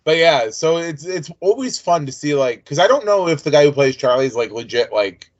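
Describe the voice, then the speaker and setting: A man's voice: on the high side, lively intonation, moderate pace. A man co-hosting a podcast in casual chat, leading topics with frequent restarts. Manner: chatty, leads topics, hesitant restarts. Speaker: podcast co-host. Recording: dull lo-fi sound.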